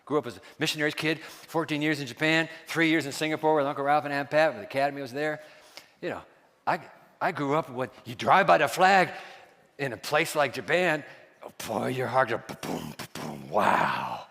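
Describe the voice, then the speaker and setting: A man preaching a sermon as pastor, quizzing his congregation and dropping to hushed asides. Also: a little high, a little fast, long reverb tail.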